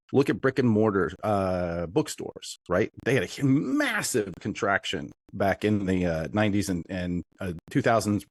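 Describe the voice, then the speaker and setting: A man's voice: on the low side, no echo. A man guesting on an interview show, eagerly explaining his field and thinking aloud as he goes. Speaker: interview guest, industry consultant. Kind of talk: casual interview.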